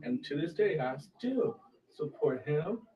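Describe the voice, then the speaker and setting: Slow and mellow, his fairly high voice rises and falls dramatically. He's a man co-hosting a local political talk show, once a county commissioner, talking casually, bluntly and emphatically, though a distant mic leaves the sound muffled.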